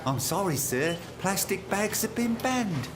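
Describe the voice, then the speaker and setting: A man's voice: high voice, big pitch swings, a little slow, background noise. A man voicing a polite, patient supermarket cashier in a comedy sketch. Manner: politely formal.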